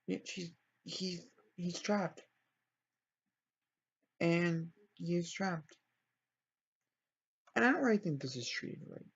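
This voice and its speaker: This let's-play storyteller has a high, slightly bright, husky voice with lively intonation and a creak. He talks slowly and pauses often, rambling through a life-sim game story, correcting himself and apologizing. The lo-fi audio sounds dull.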